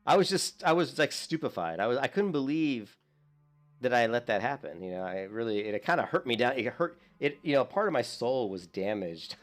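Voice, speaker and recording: A man's voice: mid-range voice, expressive, normal speed, faint music behind. A man streaming a video game, chatting casually to his viewers in a rambling, self-mocking way with frequent chuckles. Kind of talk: casual gameplay commentary.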